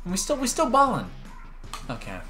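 A young man commentating his own online gameplay on a stream, joking and switching between loud outbursts and quiet mumbles. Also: high-pitched, wildly swooping pitch, brisk, soft background music. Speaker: gaming streamer.

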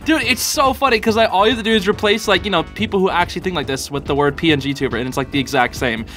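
A man's voice: sits high, racing, bright, forceful tone, faint music behind. A young man hosting a casual reaction video, laughing often and talking in loose slang full of fillers. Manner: giggly, filler-heavy slang talk.

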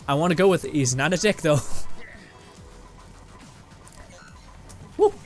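A young man from Canada rambles through his gameplay commentary, his voice set a little higher than most men's. He laughs easily and swears without a thought. Faint music plays underneath. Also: lively intonation, very slow. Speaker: gaming video host. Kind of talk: casual let's-play commentary. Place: home room with green screen and lights.

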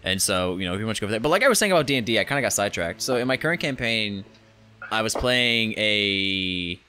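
A man hosting a gameplay video, chatting casually in an excitable, profane, rambling way. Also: lowish voice, fast talker. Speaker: gaming channel host.

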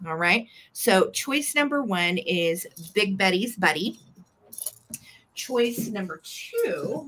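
Brief: female live-sale host, bright forward tone, gushy chatter. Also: medium pitch, sing-song, slow pace, slight background noise. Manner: chatty and gushing, fond little words. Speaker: host selling vintage items live. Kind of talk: live sale chat, describing items.

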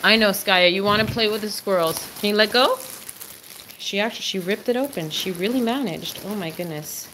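A woman hosting a casual livestream, who talks to her dog in a high sing-song voice, drops low for asides and exclaims and laughs often. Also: brisk, fairly bright tone, slight background noise.

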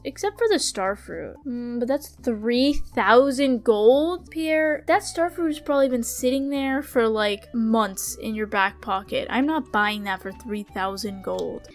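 A young woman giving casual commentary on a farm game, dramatic, talking straight to the characters and gasping at finds. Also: on the high side. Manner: dramatic, talks to the game characters, sudden gasps. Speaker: gamer.

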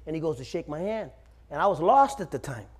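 In a church sanctuary, a pastor in his forties delivers a sermon full of humorous stories, calling "Amen?" out to the room. He speaks at a quick pace in a fairly high voice with big pitch swings.

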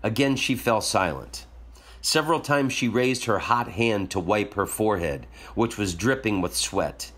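A man hosting a show, reading a short story aloud in a calm storytelling manner. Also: lowish voice, a little slow. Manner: calm storytelling, jokey afterwards. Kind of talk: reading a story aloud, then casual asides.

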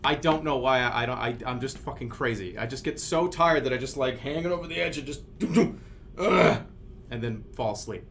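A man's voice: medium pitch, fast talker, hardly any pauses, fairly bright tone, a little hiss or hum. A man hosting a live stream, rambling in a flustered, agitated way with frequent cursing.

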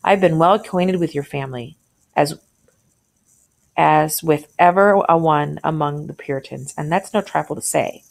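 A woman's voice: deep voice, moderate pace, vocal fry. A woman reading aloud the lines of a sly older male traveler in a story, in archaic, persuasive phrasing. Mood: coaxing.

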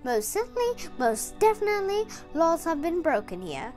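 A stern, formal police officer man from a children's storybook, put on by a woman reading aloud. He delivers firm pronouncements in a high, lively voice at an unhurried pace. Faint music sits behind.

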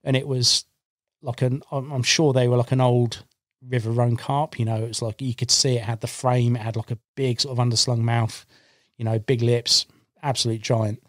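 A man, a podcast guest and angler, telling a long fishing story in a casual, animated way and voicing his own past remarks, recorded on a studio microphone. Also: mid-range voice, normal speed, no room sound.

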